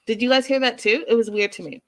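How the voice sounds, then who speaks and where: A woman's voice: fairly high pitch, quick pace. A woman from Canada hosting a casual TV recap, chatting directly to her viewers. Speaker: host.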